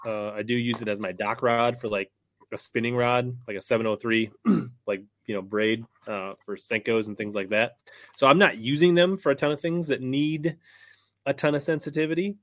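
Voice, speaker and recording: A male host talks casually, hedging his opinions and filling gaps with ums and likes. His voice is mid-pitched and recorded dry, with no room sound. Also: normal speed, no echo. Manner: relaxed, hedging, many fillers. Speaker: podcast host. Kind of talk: casual podcast chat.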